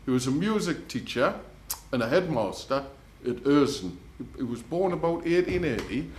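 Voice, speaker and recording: A man's voice: medium pitch, expressive, moderate pace, a little mellow, slight background noise. Rambling man in an echoey folk club. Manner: rambling, storytelling, quotes people in little voices. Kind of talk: chatty song introduction. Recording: echoey club room recording.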